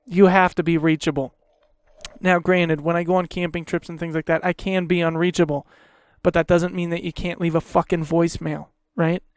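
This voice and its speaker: A young man rants on his podcast, swearing at every turn and piling on sarcastic complaints. His voice is smooth and resonant, recorded close and dry with no room sound. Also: fairly high pitch, level tone, normal speed, no echo. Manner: angry, swears constantly, sarcastic, rambling. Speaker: podcast host. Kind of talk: profane ranting monologue.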